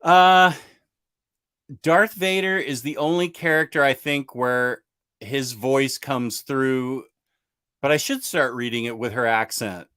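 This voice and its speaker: A man's voice: mid-range voice, slow, sharp tone, clean tone. A man hosting a comic book channel, chatting casually and enthusiastically, rambling and answering viewer comments. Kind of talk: casual livestream chat.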